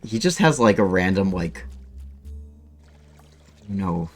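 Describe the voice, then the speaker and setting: A man's voice: low-pitched, big pitch swings, slow pace, long pauses, faint music behind. A man giving rambling, casual gameplay commentary, cursing freely as he plays. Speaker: streamer.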